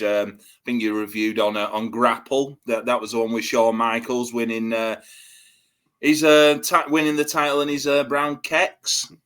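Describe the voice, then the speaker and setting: A man's voice: medium pitch, fairly bright tone. A man hosting a podcast, chatting in an easygoing, hesitant way with many fillers. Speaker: podcast host. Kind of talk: casual podcast chat.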